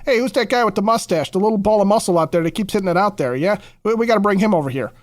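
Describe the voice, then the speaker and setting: A man voicing a loud male New York baseball fan in a put-on New York accent that he admits is bad. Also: high voice, lively intonation, rapid-fire, no echo. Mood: excited.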